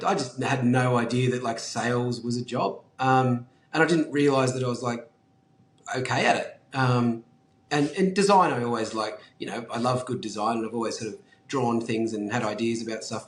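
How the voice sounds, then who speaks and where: A man's voice: medium pitch, normal speed. A man in his forties with an Australian accent, chatting casually as an interview guest, laid-back, swearing and full of fillers. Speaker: guest entrepreneur. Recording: roomy echo.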